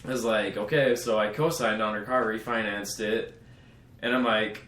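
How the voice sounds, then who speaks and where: A man's voice: on the low side, steady tone, normal speed, a bit bright. A young man on a podcast, telling a story with lots of swearing and acting out what others said. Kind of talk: casual storytelling chat. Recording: roomy echo with faint background hum.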